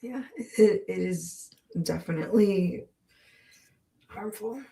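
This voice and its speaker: A woman's voice: mid-range voice, measured pace, darkish tone. A woman co-hosting a casual live-stream chat, talking freely as she loses her voice. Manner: chatty, reads viewer comments aloud. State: losing her voice. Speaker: podcast co-host.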